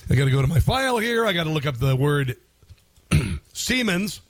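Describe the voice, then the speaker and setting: Male talk host, sarcastic and digressive, slightly high pitch, close dry mic. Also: very animated, normal speed, dry recording. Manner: sarcastic, mocking, rambling with fillers. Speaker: radio talk show host. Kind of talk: conservative talk radio commentary.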